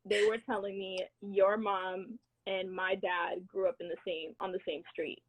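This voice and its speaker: A young woman from the United States, co-hosting a casual chat and telling a story in a lively way, laughing often. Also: mid-range voice, moderate pace. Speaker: co-host. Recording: tinny phone-like line.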